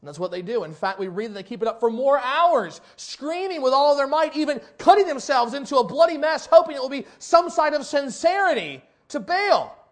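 High-voiced preacher with dramatic swings. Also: male voice, expressive, fairly quick, hardly any pauses. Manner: dramatic, voices characters, swings from loud to hushed. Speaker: pastor. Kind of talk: sermon.

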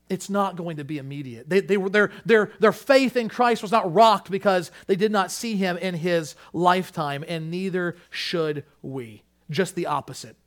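A man preaching a sermon, earnest, shifting his emphasis and restarting a few phrases as he goes. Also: high voice. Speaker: pastor.

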